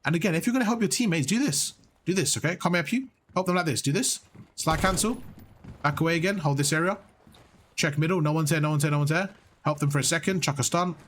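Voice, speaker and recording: A young man giving blunt, animated coaching on gameplay, swearing freely as he explains. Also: on the high side, quick pace, slight background noise. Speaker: gaming coach. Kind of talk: casual coaching over gameplay.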